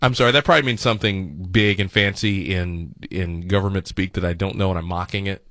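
A man hosting a talk radio show, mocking the clips he plays with quick sarcastic asides. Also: low-pitched, fairly even intonation, fairly bright tone, dry recording, studio quality.

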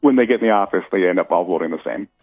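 Fast-talking low-voiced man on phone. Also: breathy edge, no echo, faint music behind. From North Dakota. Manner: rapid, halting restarts. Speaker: city commission candidate. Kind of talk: phone-in radio interview. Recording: tinny phone line, dry.

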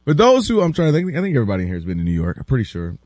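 Sports radio dude, excitable, pitch swings a lot, dry booth sound. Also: male voice, dry recording. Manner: excitable, quick riffs and mimicry. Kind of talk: casual sports talk.

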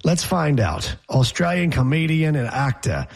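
A man co-hosting a casual talk show, telling jokey stories with a husky voice. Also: fairly high pitch, big pitch swings, unhurried. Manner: joking, storytelling. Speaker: co-host. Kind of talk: casual banter.

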